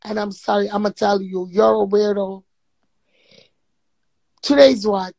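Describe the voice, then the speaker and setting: A woman's voice: mid-range voice, level tone, measured pace, creaky, darkish tone, no echo, rough recording. A Jamaican woman delivering a blunt, profane, confrontational rant to camera. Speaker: vlogger.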